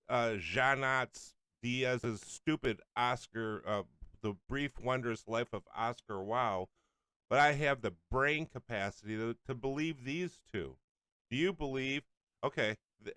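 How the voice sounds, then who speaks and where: A man hosting a talk show who rants and sneers between clips, his voice smooth and resonant. The sound is close and dry, with no room around it. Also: medium pitch, a bit bright, no echo. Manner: ranting, mocking, often laughing. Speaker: political radio host. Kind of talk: angry political commentary over clips.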